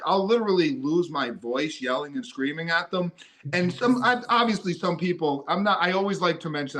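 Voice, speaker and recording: A man chatting on a podcast in an upbeat, excitable way, now and then breaking into loud cheering. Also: a little high. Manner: upbeat, excitable, bursts into loud cheering when quoting himself. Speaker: guest runner. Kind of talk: casual podcast chat.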